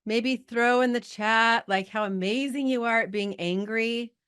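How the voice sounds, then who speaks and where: A woman's voice: a little high, measured pace, a bit bright, clear, resonant tone. A middle-aged woman leading a live coaching call, chatty and filled with likes and rights as she talks straight to her group. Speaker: business coach.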